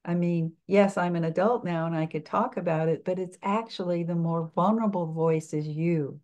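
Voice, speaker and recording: A woman in her later years talks as a speaking coach, her voice sitting a little low. She explains things reflectively and haltingly, often circling back to restart a thought. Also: darkish tone, muffled recording. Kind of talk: interview answers.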